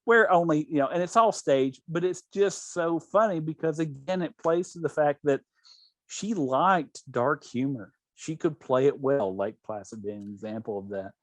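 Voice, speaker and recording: A man's voice: on the high side, normal speed, no room sound. A man hosting a podcast, telling stories in casual chat with many restarts. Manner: rambling storyteller with many restarts. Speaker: podcast host.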